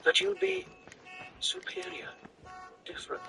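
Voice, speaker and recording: A man voicing a gentle, composed middle-aged mother who speaks softly and soothingly. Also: very high voice, completely flat delivery, unhurried, gravelly, far from the mic, faint music behind, voice pushed up, exaggerated voice, rough recording. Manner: soft and soothing.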